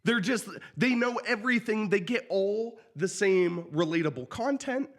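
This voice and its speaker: A man in his thirties hosts a casual podcast, ribbing his co-hosts with teasing jokes. His pitch moves up and down freely as he tells stories. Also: expressive. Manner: joking, teasing banter with quick laughs. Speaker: podcast host. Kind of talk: casual chat.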